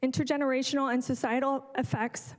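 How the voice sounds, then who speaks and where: A woman's voice: high voice, level tone, fairly quick. A woman reading a prepared statement to a city council as a public delegate, earnest and stopping to correct herself. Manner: earnest, apologizes and corrects herself mid-sentence. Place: council chamber lectern. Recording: reverberant council chamber.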